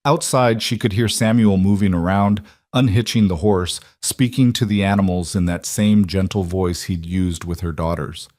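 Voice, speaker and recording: A man giving scripted narration of a frontier story in a slow, solemn, measured way. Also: deep voice, a little mellow, no echo, clean studio sound.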